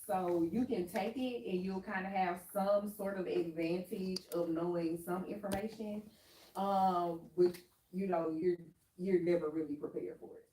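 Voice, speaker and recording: A woman's voice: lowish voice, steady tone, unhurried, warm tone. A woman on a workshop panel giving frank, conversational advice and laughing easily. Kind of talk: panel discussion, candid advice. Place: workshop room. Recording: roomy hall from far off with noise.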